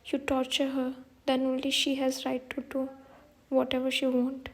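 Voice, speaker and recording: A woman reading the part of a hurt young man who reproaches his mother, naming him before each line in a flat, plain reading. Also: high-pitched, moderate pace. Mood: reproachful. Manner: reads flatly, each line starting with the figure's name.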